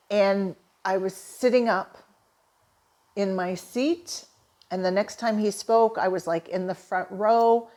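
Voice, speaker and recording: With a mellow, medium-pitched voice, a middle-aged woman from Canada tells a personal story full of earnest, emotional enthusiasm. She is a holistic therapist and manifesting coach.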